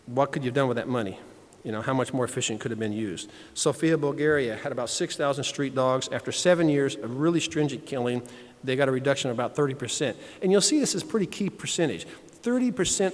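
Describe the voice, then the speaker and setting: A man, a veterinarian, giving an unscripted talk at a conference in a plainspoken, conversational way, often dropping in "you know". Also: mid-range voice. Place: large conference hall. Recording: long hall reverb.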